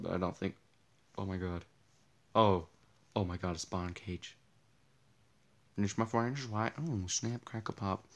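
A young man with a tired, partly lost voice, rambling through casual gameplay commentary, easily startled and joking at himself. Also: sits low. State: losing his voice, tired. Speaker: gaming channel host. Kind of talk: casual Let's Play commentary.

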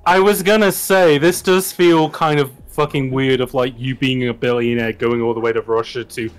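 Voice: mid-range voice, fairly even intonation, normal speed. A co-streamer on a game stream, making dry, wry remarks. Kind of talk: casual let's-play banter.

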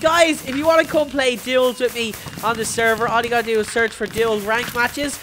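A woman hosting her gaming channel, giving live gameplay commentary in an excitable, playful way, shouting at big moments. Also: fairly high pitch, normal speed, a little hiss or hum.

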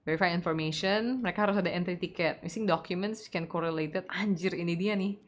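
A woman with an Indonesian accent streaming a game, casually chatting, reading the game text aloud and breaking into excited shrieks. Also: lowish voice, fast talker. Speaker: VTuber streamer. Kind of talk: casual gameplay commentary.

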